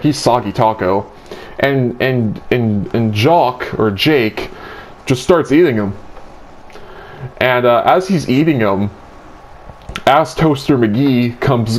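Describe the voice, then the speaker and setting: A young man hosting a casual chat, rambling crudely through a dream story with lots of filler. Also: medium pitch. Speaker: host retelling his dream.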